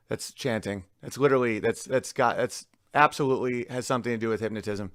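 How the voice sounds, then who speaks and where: A man's voice: mid-range voice, moderate pace, hardly any pauses, fairly bright tone, no echo, clean studio sound. A man hosting a casual monologue, rambling with frequent restarts, with faint music in the background. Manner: rambling, restarts often, sings lyric snippets. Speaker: podcast host.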